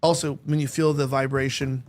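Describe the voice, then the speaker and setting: A podcast host telling a crude, joking anecdote in a casual chat. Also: male voice, mid-range voice, level tone, brisk.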